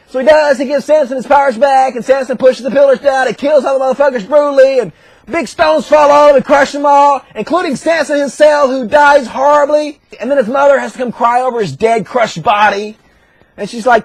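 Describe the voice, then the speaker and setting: A man retelling a story as crude, profane comedy, slipping into shouted character voices. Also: very high voice, fairly even intonation, brisk, gravelly, no room sound. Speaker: comedic narrator.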